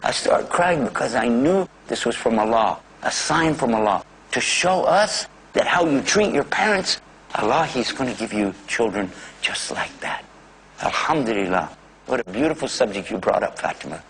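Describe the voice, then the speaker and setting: A man telling a personal faith story in a religious talk, animated and acting out the voices. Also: mid-range voice, moderate pace, creaky, a little hiss or hum, rough recording. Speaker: speaker.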